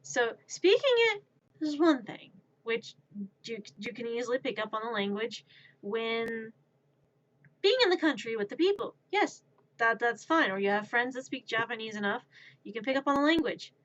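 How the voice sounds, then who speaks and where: A woman's voice: on the high side, animated, normal speed. A woman streamer rambling playfully in casual livestream chat. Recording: dull lo-fi stream audio.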